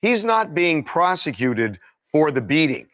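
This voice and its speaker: A man discussing a case as a legal commentator on a news panel, measured and building on the other panelists' points. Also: a little high, big pitch swings, a bit bright, no room sound.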